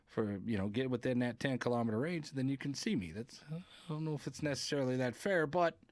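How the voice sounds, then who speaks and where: A man's voice: medium pitch, fast talker, no room sound. A man hosting a podcast, rambling through casual gaming talk, reading viewer comments and swearing now and then. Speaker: podcast host.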